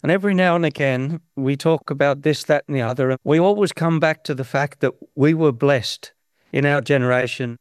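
A man's voice: on the high side, fairly quick, no echo, studio quality. An Australian man in his sixties telling rambling anecdotes as an interview guest, with many restarts. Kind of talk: anecdotal storytelling.

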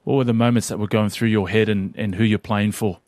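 A man's voice: fairly low pitch, steady tone, fairly quick, a little mellow, no echo. A man hosting an interview who asks long, winding, multi-part questions. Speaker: podcast host. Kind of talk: casual interview.

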